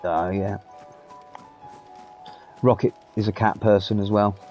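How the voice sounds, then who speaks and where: A man's voice: lowish voice, steady tone, slow pace, a little mellow, highs cut off, faint music behind. A British man chatting casually and swearing freely as he streams a game. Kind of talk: casual live gameplay commentary.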